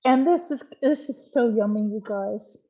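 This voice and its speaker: A woman's voice: on the high side, a little slow, warm tone, dull audio. An older woman hosting a live cooking stream from her home kitchen, chatting casually to viewers with lots of ums as she cooks. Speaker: livestream cooking host.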